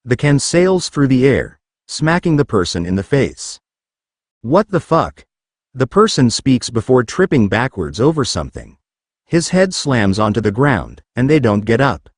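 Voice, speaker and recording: A man reads a piece of fan fiction aloud in a casual first-person voice, occasionally speaking the punctuation itself. His pitch shifts a lot, and the recording is close and dry, with no room or echo.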